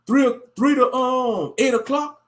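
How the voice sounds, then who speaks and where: A man mocking a whiny shrill street preacher. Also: a little slow. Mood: pleading. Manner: whiny, repetitive, shouting accusations. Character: whiny nagging male street-camp preacher, accusing, shrill.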